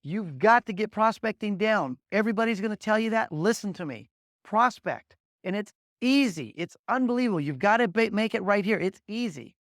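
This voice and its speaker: Man, high voice, motivational sales trainer, energetic storyteller, dry close sound. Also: normal speed, no room sound. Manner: energetic storyteller, drills points with repeated "guess what" and "okay?"; blunt, punchy coaching delivery. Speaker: agency leader training new agents.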